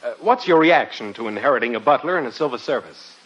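A man's voice: medium pitch, expressive, fast talker, a bit bright, slightly rough. A man with an American accent playing a wisecracking newspaper reporter in a 1940s radio comedy, on a muffled old recording.

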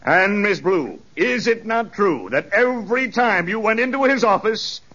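A man's voice: high-pitched, animated, a little slow, sharp tone, heavily acted. A man playing a pompous plaintiff's lawyer who orates grandly to the jury and questions witnesses, in 1940s radio comedy style. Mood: questioning. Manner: grandiloquent, stretched-out courtroom oratory. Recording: muffled old radio broadcast.

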